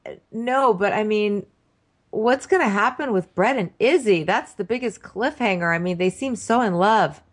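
A woman co-hosts a relaxed chat in a wry, blunt way. Her voice sits in a middle pitch and keeps an easy, conversational pace. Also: moderate pace. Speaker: podcast co-host. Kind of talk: casual chat.

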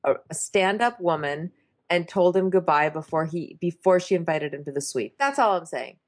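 A woman's voice: on the low side, expressive, moderate pace. A woman co-hosting a casual recap chat, chatty and amused. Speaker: podcast co-host.

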